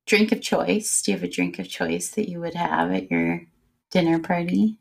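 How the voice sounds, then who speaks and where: A woman's voice: lowish voice, very animated, moderate pace, vocal fry. A woman hosting a casual chat, asking questions and reacting encouragingly. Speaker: host.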